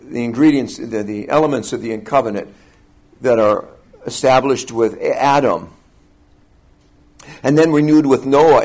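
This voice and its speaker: A male preacher walks through scripture in an expository teaching style. His delivery is emphatic, climbing on key phrases and then dropping back. He slows down deliberately to press each point home. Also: medium pitch, darkish tone. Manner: emphatic, rising and falling delivery with deliberate slowing on key words.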